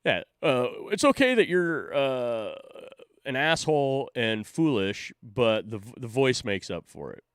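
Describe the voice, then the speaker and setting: A man's voice: medium pitch, sing-song, unhurried, smooth, dry recording, clean studio sound. A man hosting a stream, talking in a casual, rambling and profane way, often mocking himself and laughing. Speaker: streamer host. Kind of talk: casual chat.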